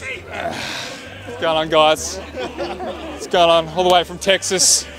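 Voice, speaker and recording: A man's voice: a little high, fairly even intonation, slow pace, over a noisy crowd, heavy background noise. A man doing a brash, playful impression of a boastful American footballer with a put-on American accent, outdoors at a busy football venue. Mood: cocky. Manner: brash, self-promoting, playful. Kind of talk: street prank comedy. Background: music.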